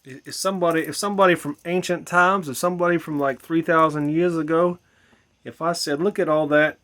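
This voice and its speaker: A man with a fairly high, bright voice talks briskly and steadily to the camera, tipsy, next to a bar at night. Playing his "Mother" persona, he addresses viewers as his children, swearing, musing, and circling back over the same points.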